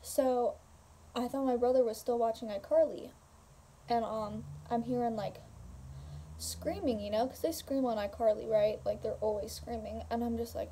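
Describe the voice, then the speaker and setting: A woman's voice: fairly high pitch, normal speed, warm tone, slight background noise. A young woman casually telling a story to camera at home, rambling with fillers and swearing. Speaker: vlogger. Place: home room.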